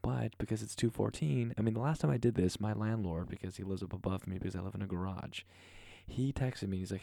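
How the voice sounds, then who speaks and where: A man hosting a podcast, talking fast and rambling through a playful off-the-cuff intro at home. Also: on the low side, fairly even intonation, creaky, dark tone, no echo, studio quality. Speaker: podcast host. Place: converted garage at home. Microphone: podcast microphone.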